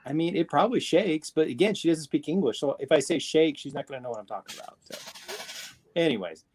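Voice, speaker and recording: A man's voice: fairly high pitch, fast, darkish tone, a little hiss or hum. A man chatting casually on a live video call, rambling with fillers and restarts, speaking into a tablet microphone. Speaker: panelist on a live video show. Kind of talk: casual chat.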